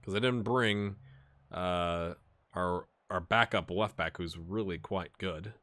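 A man giving casual, amused commentary while playing a football management game, getting excited during the action. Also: low voice, takes it slowly. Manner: chatty, amused, jumps to excited play-by-play. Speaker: gaming YouTuber. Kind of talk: casual let's-play commentary.

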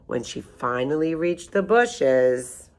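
A woman with a low voice reads a children's picture book aloud. Her pitch rises and falls a lot as she tells the story expressively. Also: expressive, slow, darkish tone.

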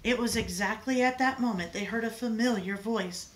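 A woman reading a picture book aloud in an expressive, dramatic way. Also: a little high, normal speed, slight background noise, poor audio.

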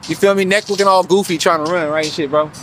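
A man's voice: high voice, steady tone, quick pace, a bit bright, a little hiss or hum. A man telling a rambling story and giving advice in a casual monologue, slangy and profane, often asking if the listener follows him. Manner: profane, slangy, keeps asking "you feel me". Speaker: vlogger giving financial advice.

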